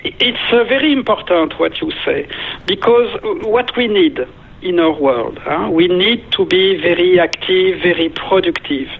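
A man's voice: high-pitched, unhurried, gravelly, slightly rough. A man from France with a French accent, a meditation teacher and guest, speaking earnestly in short phrases. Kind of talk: phone-in interview. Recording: tinny phone line.

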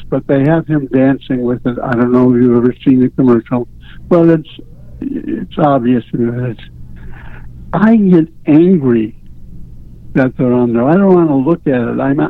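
A man calling in to a radio show, speaking candidly and haltingly with frequent stammers. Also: medium pitch, no echo. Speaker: caller. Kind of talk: call-in radio conversation. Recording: phone line.

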